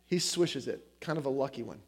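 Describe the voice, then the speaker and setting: A man in his forties giving a sermon as a guest preacher, talking in a conversational way with lots of fillers and animated storytelling. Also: mid-range voice, fairly quick, husky.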